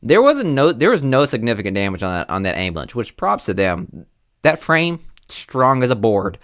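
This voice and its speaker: A man's voice: mid-range voice, very animated, moderate pace, a bit bright. A man co-hosting a casual movie podcast, blunt and emphatic, swearing freely. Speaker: podcast co-host.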